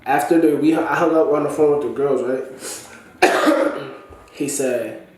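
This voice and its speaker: Male storyteller from Massachusetts, animated and slangy, slightly high voice, booming room echo. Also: unhurried, slight background noise. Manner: animated, slangy, repeats "you know what I'm saying". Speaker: storyteller recounting a falling-out. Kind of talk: casual spoken storytelling. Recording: very echoey room.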